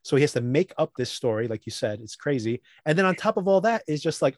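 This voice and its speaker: A man co-hosting a podcast, recapping a TV episode in casual chat, animated and laughing often as he acts out lines. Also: a little high, fast, dry recording, clean studio sound. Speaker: podcast co-host.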